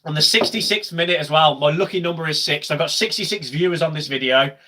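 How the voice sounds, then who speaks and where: A young man with a bright, fairly high voice, talking through a live football match for his stream. He chats loosely to viewers, then bursts into loud, cheering shouts when play heats up. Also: fast talker. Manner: chatty, swings to loud shouting at goals. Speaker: football watch-along streamer. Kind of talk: live match watch-along commentary.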